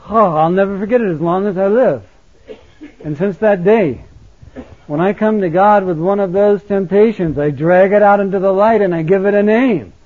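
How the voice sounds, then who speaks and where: High-voiced impassioned male preacher. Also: normal speed. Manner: impassioned, swinging between loud exhortation and quiet intimacy. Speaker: pastor. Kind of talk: sermon. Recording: tinny phone-like sound.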